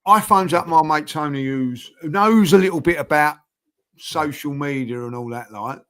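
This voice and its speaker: A rambling man tells a story in a casual chat, full of "like" and "you know" and acting out other people's voices. His voice sits a bit higher than most men's. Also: normal speed. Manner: rambling, animated storyteller with many fillers, acting out quoted voices. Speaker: podcast guest.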